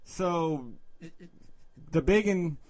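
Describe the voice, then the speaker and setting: Male podcast co-host, slightly high voice, crude and animated raconteur. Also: drawn-out words. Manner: profane, animated storytelling with loud acted-out quotes. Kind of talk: casual chat, storytelling.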